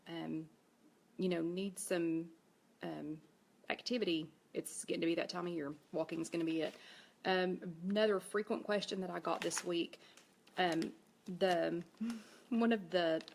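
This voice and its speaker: Gravelly East Tennessee woman chatting live. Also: lowish voice. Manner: chatty, reads viewer comments aloud. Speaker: host. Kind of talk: casual Facebook Live chat.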